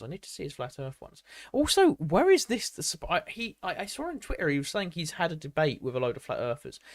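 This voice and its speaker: A man's voice: a little high, a bit bright, no room sound. A man streaming live, reading a history article aloud and breaking off to chat with viewers. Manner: reads aloud with many restarts and asides; chatty, answers live chat.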